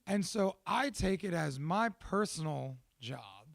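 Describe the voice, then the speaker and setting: A young man hosting a podcast, talking in a casual, profane, animated and self-mocking monologue. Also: a little high, slow, gravelly, no room sound, clean studio sound. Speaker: podcast host.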